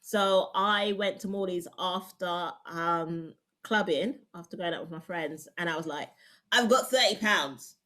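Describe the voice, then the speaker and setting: A woman's voice: lowish voice, steady tone, unhurried, few pauses, fairly bright tone. A woman, a comedian on a live panel, telling a casual anecdote and laughing through her own story.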